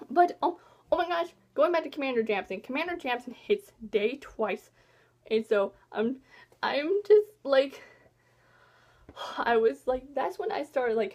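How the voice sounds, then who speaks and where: A young woman vlogger chatting casually about a book she loved, gushing and emotional, rambling with lots of fillers. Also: high-pitched. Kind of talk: casual book review chat.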